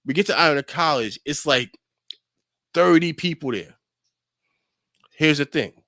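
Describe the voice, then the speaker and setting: A young man on a podcast, casually telling a lively story and acting out his friends' lines, with lots of filler words. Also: fairly high pitch, a little slow, no room sound, clean studio sound. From New York. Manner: animated storyteller, acts out friends' voices, lots of "like". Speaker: podcast co-host.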